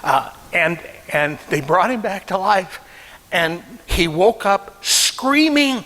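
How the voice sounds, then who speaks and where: A man's voice: high voice, animated, takes it slowly, pushed and bright, in a large hall, poor audio. A middle-aged man preaching a sermon, telling a personal story with emotion and acting out the voices he quotes. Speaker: pastor.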